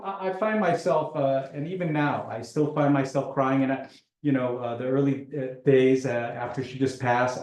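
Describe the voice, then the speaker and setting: A man telling a personal story in a halting way, often repeating words, with dark self-mocking humor. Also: mid-range voice, reverberant.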